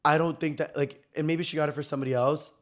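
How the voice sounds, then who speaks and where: Chatty young man, slightly high voice. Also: fast talker. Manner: animated, chatty, heavy slang and "like" fillers. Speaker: podcast host. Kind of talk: casual gossipy storytelling.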